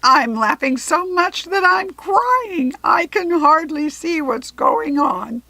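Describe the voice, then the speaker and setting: A woman's voice: on the low side, a little slow, vocal fry, slightly rough, no room sound, pitched below the performer's own voice, heavily acted. Woman doing a cackling Jack Frost. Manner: loud, cackling, sneering. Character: gleeful spiteful male ice villain, loud.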